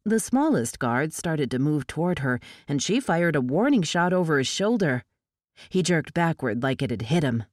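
Low-voiced woman narrating a novel. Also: no echo, clean studio sound. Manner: steady, measured storytelling. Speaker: audiobook narrator.

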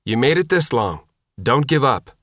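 A man voicing a steady soldier in an audiobook, calm and reassuring as he tends a survivor. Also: medium pitch, normal speed, no echo, clean studio sound. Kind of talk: audiobook character voice.

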